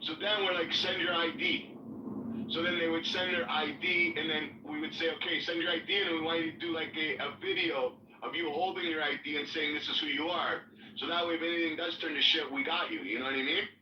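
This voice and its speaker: A man's voice: a little high, steady tone, a little fast, noisy background. A man telling a rambling, profane story in casual talk, full of fillers and acted-out quotes. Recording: echoey room, distant mic, dull sound.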